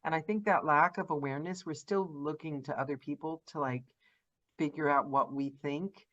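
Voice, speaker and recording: A woman hosting an interview podcast, enthusiastic and effusive, asking questions in quick runs. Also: deep voice, steady tone, a bit bright, lo-fi sound. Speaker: podcast host. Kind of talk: casual interview chat.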